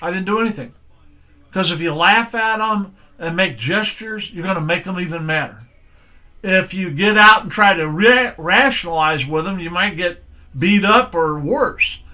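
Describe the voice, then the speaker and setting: A man's voice: high-pitched, moderate pace, pushed and bright. An older man, preaching a sermon by telling plain, folksy stories from his own life in a firm way. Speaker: pastor.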